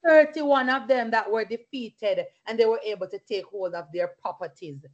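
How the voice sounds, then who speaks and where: In lo-fi audio, a woman with a fairly high pitch speaks at a moderate pace, leading a Bible study in the style of a fervent sermon with personal testimony. Between her points she bursts into hallelujahs and praise.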